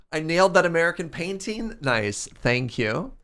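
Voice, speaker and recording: A man's voice: fairly high pitch, sharp tone. A man in his thirties streaming a game, telling a story in casual chat and laughing often. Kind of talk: casual storytelling while gaming.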